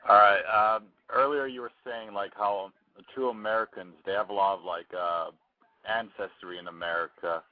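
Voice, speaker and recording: A lower-voiced man calls in to a radio show and asks his question haltingly, pausing and filling the gaps with filler words. His voice comes through a dry, narrow phone line. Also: fairly even intonation, no echo. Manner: hesitant, halting, many fillers. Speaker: caller.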